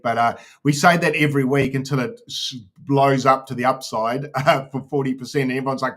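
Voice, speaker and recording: A man's voice: mid-range voice, fairly even intonation, moderate pace, fairly bright tone. A man hosting a casual crypto live stream, laid-back and joking. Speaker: host of a crypto channel.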